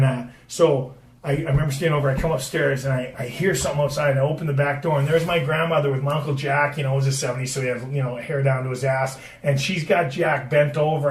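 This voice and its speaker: A man's voice: fairly high pitch, fairly even intonation, brisk, far from the mic. A middle-aged man from the Boston area tells family stories in a loose, rambling chat, swearing freely and restarting his sentences. He sits a little back from the mic in an echoey room. A faint noise hums behind him. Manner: rambling, profane, with many restarts and fillers. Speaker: guest, retired hockey player. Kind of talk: casual storytelling chat.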